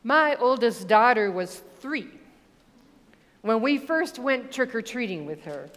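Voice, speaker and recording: A woman preaching a sermon, reading scripture and telling stories in a measured, deliberate way. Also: on the high side, animated, long reverb tail. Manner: measured, deliberate delivery with storytelling asides.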